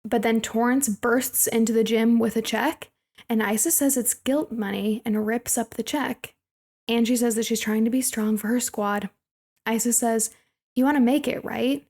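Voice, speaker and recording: Chatting casually while recapping a movie, this young podcast co-host laughs a lot and performs lines from it. Her fairly high voice has a darkish tone, a steady delivery, and a normal speed.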